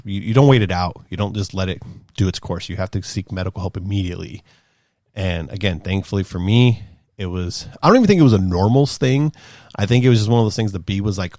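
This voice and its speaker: Man in his thirties, casual podcast storytelling, rambling and animated, lowish voice, dry close sound. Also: no echo. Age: 30s. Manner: rambling, animated, acts out quotes in a high voice. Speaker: podcast host.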